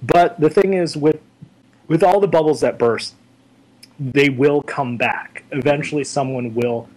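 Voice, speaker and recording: A young man with a slightly higher-than-average voice chats as an interview guest. He rambles through stories with lots of "like" and "um", getting animated as he goes. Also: unhurried, low-quality recording. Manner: rambling, animated storyteller with many fillers. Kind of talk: casual chat.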